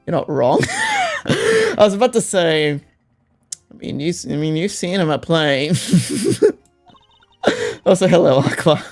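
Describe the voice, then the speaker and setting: Game streamer, casual commentary, foul-mouthed rants, laughing between lines, mid-pitched voice, faint music underneath. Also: very animated. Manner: heated and profane, quick to rant at characters. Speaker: streamer playing a detective game. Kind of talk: casual gameplay commentary, reading game text aloud. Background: faint background music.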